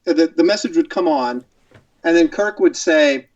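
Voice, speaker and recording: An easygoing middle-aged man, a guest on a chat show, rambling along and laughing often. His high voice is animated, with a muffled, lo-fi sound. He is heard from some distance in a dry room. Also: moderate pace, no echo. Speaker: guest artist. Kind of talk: casual chat.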